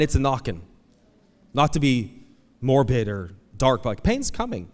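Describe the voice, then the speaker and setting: Man, pastor, sermon, conversational, animated, acted-out voices, mid-range voice, long hall reverb. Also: medium pitch.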